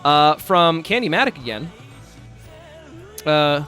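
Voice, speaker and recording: A man's voice: fairly high pitch, lively intonation, moderate pace, a bit bright, faint music behind. A man streaming live, chatting casually, laughing often and swearing as he rambles.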